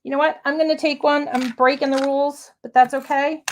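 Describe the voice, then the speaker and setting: A woman's voice: high voice, fairly even intonation, fairly quick, few pauses. A woman leading a live craft-along, chatting in an upbeat way as she works through each step. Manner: chatty, upbeat, talks while working. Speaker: craft demonstrator.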